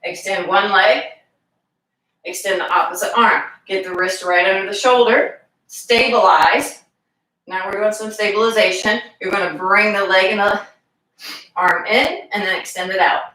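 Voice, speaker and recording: A woman fitness instructor leading a live exercise class, calmly giving cues and counting reps aloud. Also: medium pitch, normal speed. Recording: echoey room, voice from far off.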